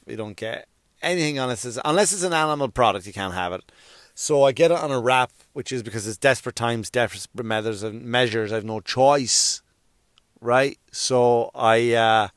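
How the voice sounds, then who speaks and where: A man's voice: mid-range voice, clean tone, no echo, clean studio sound. A man hosting a comedy podcast, telling a rambling story and acting out the quoted lines. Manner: rambling, animated retelling with acted-out quotes. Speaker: podcast host. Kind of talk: casual comic storytelling.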